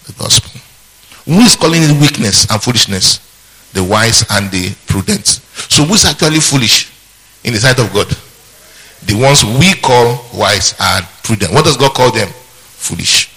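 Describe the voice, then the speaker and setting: Husky, forceful preaching man. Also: medium pitch, expressive, unhurried, low-quality recording. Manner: call-and-response questions to the congregation; humorous asides. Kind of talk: sermon teaching.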